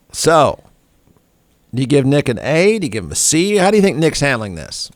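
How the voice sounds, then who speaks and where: A man's voice: on the high side, very animated, normal speed, no room sound. A man hosting a talk show, ranting in a snarky, irreverent way and laughing at his own jokes. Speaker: radio show host. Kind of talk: comedic talk show rant.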